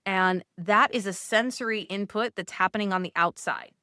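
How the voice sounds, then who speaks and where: Smooth and medium-pitched, this woman's voice moves at a moderate pace in a studio-quality recording without room sound. She leads Catholic mothers through steps in gentle, conversational coaching, her casual teaching talk peppered with "like."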